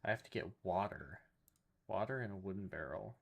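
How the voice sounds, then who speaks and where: Male streamer, lower voice, mumbling through crafting lookups and chatting to viewers. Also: a little fast, gravelly, slightly rough. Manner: muttering to himself while looking things up; addresses chat. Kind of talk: casual gameplay commentary.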